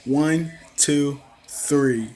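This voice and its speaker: Animated young man recapping wrestling. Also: a little high, drawn-out words. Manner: animated storytelling with acted-out quotes and laughs. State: coughing, throat acting up. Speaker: wrestling reviewer. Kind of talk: casual recap vlog.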